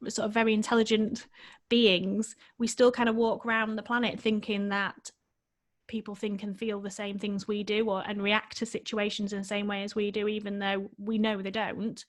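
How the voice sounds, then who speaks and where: A woman chats on a podcast in a heartfelt, emotional way. She rambles and restarts her sentences as her thoughts unfold. Her pitch sits in the ordinary middle range for a woman. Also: little pitch movement, moderate pace. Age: adult, married with children. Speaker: life coach, podcast guest. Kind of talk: casual podcast conversation.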